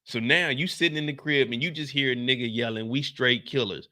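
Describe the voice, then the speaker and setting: A man hosting a comedic TV after-show, riffing in an animated, jokey way with wild swings in pitch. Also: fast talker, no room sound, studio quality. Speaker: show host.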